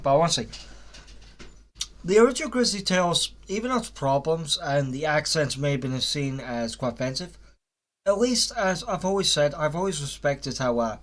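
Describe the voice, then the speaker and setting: A man's voice: fairly high pitch, a bit bright. A young man giving a casual, rambling spoken review of a cartoon series, with frequent fillers, restarts and blunt swearing.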